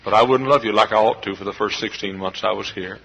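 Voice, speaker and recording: A middle-aged man preaches a sermon to his congregation. His voice sits low and husky but has a bright, forceful edge. He drops to a hushed confiding tone, then bursts into shouts. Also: steady tone, fast, lo-fi sound. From Texas. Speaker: pastor. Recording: live church service recording.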